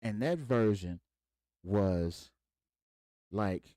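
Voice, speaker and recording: A man's voice: lowish voice, very slow, no room sound. A man from Mississippi, hosting a podcast and telling a story casually, acting out the voices of the people in it. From Mississippi, USA. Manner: animated, acts out voices in quoted dialogue. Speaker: podcast host.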